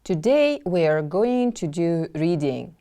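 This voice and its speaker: Woman English teacher, slightly low voice, patient classroom drilling. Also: sing-song, slow, dark tone. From Kyrgyzstan. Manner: repeats each word twice, patient drilling. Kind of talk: slow, clearly enunciated classroom lesson.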